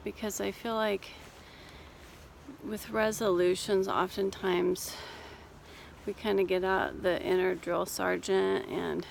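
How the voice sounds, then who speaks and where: A woman speaks slowly and gently to her phone camera while walking outside, slightly breathless from the climb. Her voice has a gravelly, fried texture, and faint outdoor noise sits under it. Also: medium pitch, level tone. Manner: gentle, reassuring, unhurried. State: a little out of breath. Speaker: life coach and therapist. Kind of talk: casual vlog while walking. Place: outdoors on a cold hill walk.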